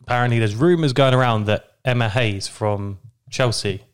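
A man hosting a casual football podcast, relaxed as he leads the discussion. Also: medium pitch, moderate pace, clean tone. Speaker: podcast host.

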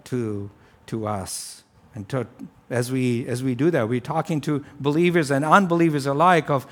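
A man preaching a sermon, swinging between loud exclamations and low, quiet stretches, with frequent "right?" asides and restarts. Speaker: pastor.

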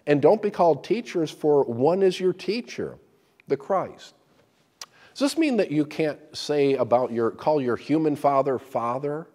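A man's voice: a little high, lively intonation, unhurried, dark tone, in a large hall. A man preaching a sermon as pastor, emphatic and often repeating words as he restarts.

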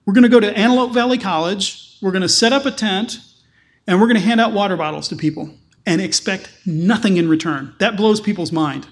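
A man's voice: high-pitched, fairly quick. A man, a pastor, preaching a sermon with emphatic, repeated phrases.

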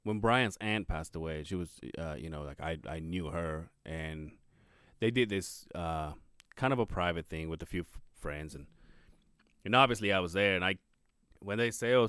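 A man's voice: low-pitched, a bit bright, clean tone, no room sound, studio quality. A man co-hosting a podcast in casual chat, joking and swearing, often breaking into laughter. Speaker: podcast co-host.

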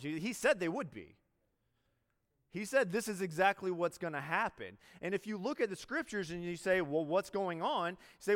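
A man's voice: sits high, sing-song, normal speed, in a large hall. A man preaching a sermon as a military chaplain, in a conversational way, acting out quoted dialogue and restarting sentences.

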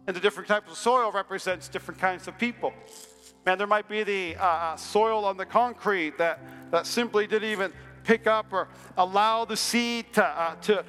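A man's voice: extremely high pitch, pushed and bright. A male pastor preaching a sermon in a church, building to impassioned, repetitive refrains. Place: church sanctuary.

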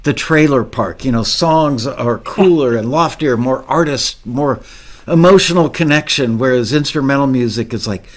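A man's voice: mid-range voice, normal speed. A man hosting an interview podcast, chatty and enthusiastic, with frequent restarts. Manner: enthusiastic, talkative, many restarts. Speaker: podcast host. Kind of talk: casual interview chat.

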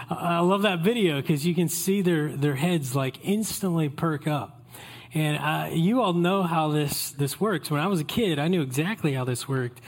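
A male pastor delivers a Christmas Eve sermon in a relaxed, conversational manner that draws the congregation in. His voice is slightly high and he never hurries.

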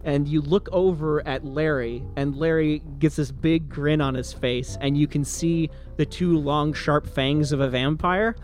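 A man's voice: a little high, steady tone, unhurried, hardly any pauses, darkish tone. A man narrating a tabletop game as game master, describing scenes with casual fillers.

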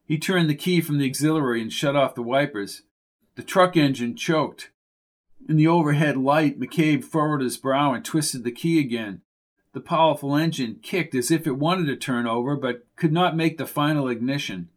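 Male audiobook narrator, slightly high voice, steady measured reading. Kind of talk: scripted narration.

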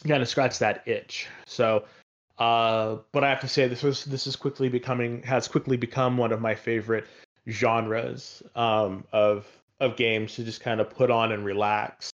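A man chatting casually about games, rambling through his thoughts with plenty of fillers and false starts. His pitch sits in the middle range. The audio sounds slightly muffled. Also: level tone, normal speed. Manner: rambling, with many fillers and restarts. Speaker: podcast co-host.

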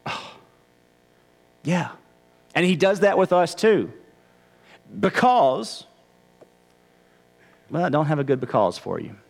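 A man's voice: fairly high pitch, very animated, slow, gravelly, pauses often. A male pastor preaching a conversational sermon, often stammering and restarting his phrases. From Texas, United States.

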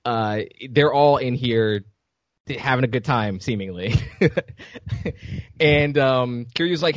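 Man, casual podcast chat, animated storyteller, dry close sound. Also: medium pitch, slow pace, dry recording, highs cut off. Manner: animated, acts out characters' lines while retelling. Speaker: podcast co-host. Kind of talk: casual chat, retelling a game scene.

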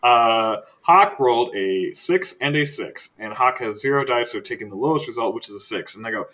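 A man narrating a tabletop role-playing game as game master, casual and halting, with many fillers. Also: medium pitch, lively intonation, sharp tone, rough recording.

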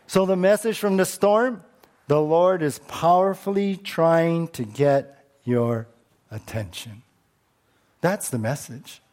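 A male pastor preaching a sermon in an animated way, repeating words when worked up and dropping low on key words. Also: slow pace.

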